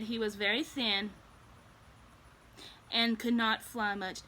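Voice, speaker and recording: Woman slowly reading a storybook aloud. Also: fairly high pitch, bright, forceful tone, a little hiss or hum.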